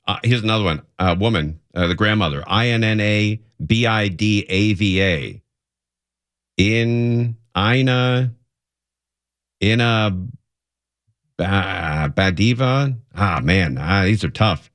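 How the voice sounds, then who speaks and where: A man hosting a talk radio show, reading out a list in a deadpan comic bit and slowly sounding out odd names. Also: lowish voice, no echo, studio quality. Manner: deadpan, drawn-out mock pronunciations. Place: radio studio.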